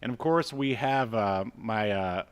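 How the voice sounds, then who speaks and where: A man's voice: fairly low pitch, measured pace, clear, resonant tone. A man hosting a casual podcast, rambling with many fillers and laughing often as he reads credits aloud. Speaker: podcast host.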